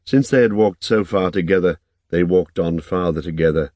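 A man narrating an audiobook in a measured, even reading. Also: sits low, no room sound.

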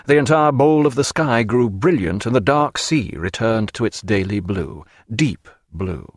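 A man reads a novel aloud in a measured, expressive way. His pitch moves a lot across each line. The recording is dry and close. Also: no room sound. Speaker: narrator. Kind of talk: audiobook narration.

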